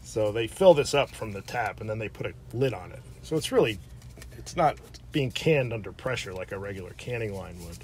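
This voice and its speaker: A man's voice: lowish voice, animated, a little fast, darkish tone, a little hiss or hum. A man, co-hosting a casual beer tasting chat, joking and explaining beer styles at length. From New Jersey. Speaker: beer vlog co-host.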